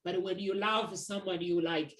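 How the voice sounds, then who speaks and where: A woman's voice: fairly low pitch, fairly even intonation, normal speed, fairly bright tone, reverberant, poor audio. A woman who works as a matchmaker, talking earnestly and reflectively in a casual conversation, sharing personal stories.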